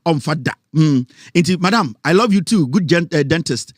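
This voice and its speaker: A man's voice: fairly high pitch, lively intonation, moderate pace, no room sound. A man with a Ghanaian accent hosting a radio talk show, chatting casually and telling stories, close to the mic. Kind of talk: casual radio talk mixing Twi and English.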